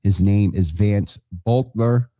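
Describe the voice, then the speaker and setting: A man's voice: fairly low pitch, slow, mellow, no echo, studio quality. A man hosting a live online show, making casual announcements to viewers in a chatty, rambling way, correcting himself as he goes.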